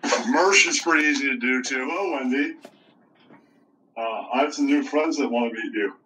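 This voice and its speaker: A man's voice: mid-range voice, normal speed, pushed and bright. Man talking crudely, far from the mic. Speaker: puppet streamer. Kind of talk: casual crude joking. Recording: distant mic with faint noise.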